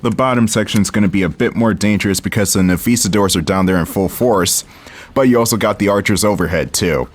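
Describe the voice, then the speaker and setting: Talking directly to viewers as he plays, this young man who runs a gaming channel keeps up casual, wry, relaxed commentary. He speaks briskly in a voice on the low side.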